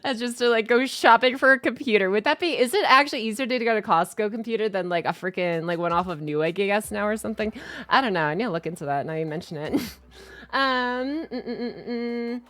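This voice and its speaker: A young woman streaming and chatting casually with her viewers, rambling with lots of fillers and restarts and breaking into excited squeals. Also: fairly high pitch, fairly quick. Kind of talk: casual chat reading stream chat.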